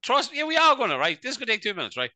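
A man's voice: extremely high pitch, wildly swooping pitch, racing, pushed and bright, no room sound. A man co-hosting a casual comedy podcast, rambling and tagging "right?" onto his sentences. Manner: rambling, peppers speech with "right?". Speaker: podcast co-host.

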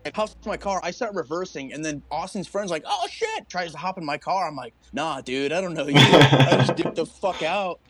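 A young man's slightly high voice moves fairly quickly, with few pauses, as he co-hosts a chatty podcast. He relates stories energetically, cursing a lot and acting out what people said.

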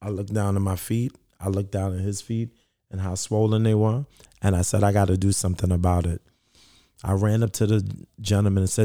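A man's voice: sits low, fairly even intonation, normal speed, mellow, dry recording, studio quality. A middle-aged man, telling his story in an interview in an earnest voice that repeats itself and acts out quoted dialogue. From Brooklyn, New York. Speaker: founder of a sneaker charity.

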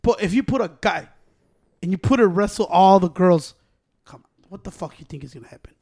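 A man co-hosting a casual chat, talking in a profane, animated way and saying "bro" a lot. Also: high voice, brisk.

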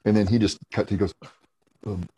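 A man's voice: low-pitched, moderate pace, gravelly, darkish tone, muffled recording, a little hiss or hum. A man as a podcast guest, telling stories in a laid-back, casual way, swearing freely and laughing between lines. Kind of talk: casual storytelling chat.

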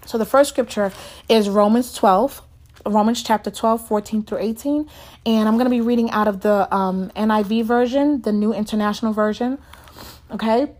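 A woman giving a casual devotional talk to her viewers, earnest and heartfelt, speaking emotionally and haltingly. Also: on the high side, steady tone, darkish tone.

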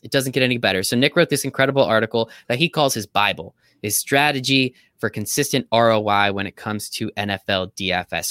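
A man's voice: mid-range voice, a bit bright, clear, resonant tone, no room sound, clean studio sound. A man hosting a sports betting podcast, chatting casually and hyping his guests. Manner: upbeat, hypes guests and recaps picks. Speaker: podcast host.

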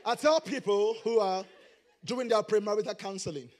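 A middle-aged male pastor preaching a sermon, rising into shouted, sing-song emphasis. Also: high-pitched, moderate pace, a faint crowd.

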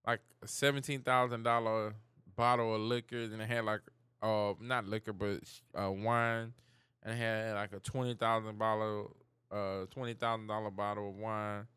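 A man's voice: on the low side, little pitch movement, moderate pace, fairly bright tone, clean tone, no room sound. A man co-hosting a podcast, chatting casually in loose, profane banter and laughing often. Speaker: podcast co-host. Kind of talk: casual chat.

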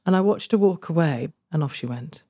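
A middle-aged woman telling a personal story in an interview, earnest and warm, laughing often and growing emotional. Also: deep voice, lively intonation, fairly quick, husky. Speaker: guest, former social care worker. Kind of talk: conversational storytelling.

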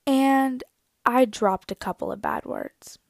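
A woman's voice: high voice, huge pitch swings, slow pace, vocal fry, dry recording. A woman in her twenties telling a story to her viewers in a casual, dramatic, self-mocking way. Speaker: vlogger.

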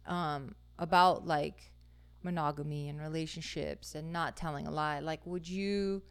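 A woman's voice: low voice, fairly even intonation, unhurried, gravelly, smooth. A woman co-hosting a casual podcast, teasing her partner and asking him questions. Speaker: podcast co-host. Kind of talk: casual chat.

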